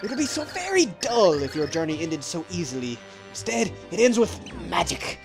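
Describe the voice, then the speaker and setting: A mocking jester magician, as a man puts him on, sly and theatrical, pitched high with a sing-song swing to every line. Loud game music fills the background. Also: big pitch swings, moderate pace. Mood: taunting. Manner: showy, sing-song taunting.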